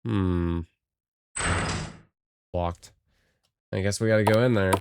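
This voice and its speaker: A man's voice: low voice, fairly even intonation, slow, vocal fry, background noise. A man playing a horror game, reading the text aloud with hesitant muttered asides. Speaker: game streamer.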